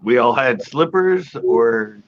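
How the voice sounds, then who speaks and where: A man hosting a live online panel, rambling casually as he thinks out loud and chuckling often. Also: mid-range voice, animated, takes it slowly. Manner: rambling, talks through his thoughts, chuckles often. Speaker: host of a live panel stream. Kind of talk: casual chat. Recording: muffled audio with faint background noise.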